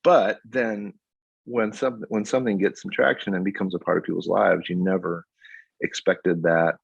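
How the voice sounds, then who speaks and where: Man in his fifties, husky and deep, animated guest storyteller, dull lo-fi recording. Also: normal speed, no room sound. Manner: animated storyteller, laughs often. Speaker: guest songwriter. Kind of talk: casual interview. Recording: dull lo-fi audio.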